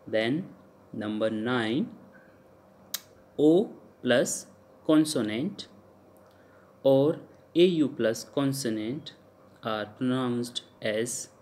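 In a recorded lecture, a man with an Indian English accent teaches French pronunciation, repeating each example sound several times. His mid-range, slightly mellow voice is slow, with long pauses and hesitant fillers.

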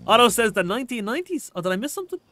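A man's voice: very high-pitched, very animated, very fast, bright, forceful tone. An Irish man chatting casually while streaming a game, reading out viewer comments in a rambling, restart-prone way.

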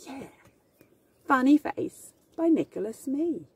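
A woman teacher reads a children's picture book aloud outdoors, gasping and laughing as she acts out each feeling. She talks very slowly, and her mellow voice swoops up and down. She sits some way from the mic, with faint noise behind her. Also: high-pitched, gravelly, distant mic. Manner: very slow, animated, acts out each emotion with gasps and laughs. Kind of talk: storybook reading for young learners. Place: outdoors in the mountains.

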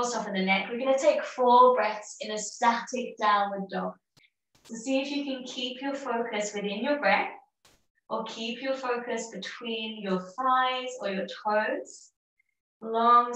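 A woman teaching a yoga class, calmly cueing each breath and movement with warm encouragement. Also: fairly high pitch, recorded from a distance. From Australia. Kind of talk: guided yoga class instruction. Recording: very echoey room, voice off-mic.

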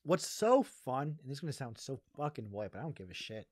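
A young adult male comedian from Massachusetts, USA, is a podcast guest who tells a story casually, rambling, laughing often and asking "you know what I mean." His mid-range voice is sing-song, fairly quick and darkish. The studio recording is clean and dry.

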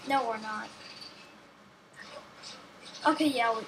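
A woman's voice: high-pitched, takes it slowly, a bit bright, slight background noise, low-quality recording. A woman giving casual, rambling gameplay commentary, talking to herself and joking as she plays. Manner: rambling, self-talking, jokey.

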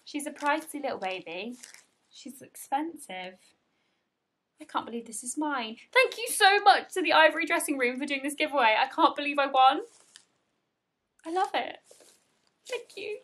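Woman unboxing stuff, gushing and gasping, bright high-ish voice. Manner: gushing, gasping, breathy asides. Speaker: vlogger. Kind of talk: excited unboxing vlog. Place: home room, indoors.

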